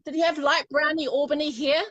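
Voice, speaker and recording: A woman's voice: high-pitched, little pitch movement, brisk, a bit bright, no echo, muffled recording. A woman giving a live psychic reading, chatty and affectionate, often laughing. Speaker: spiritual medium.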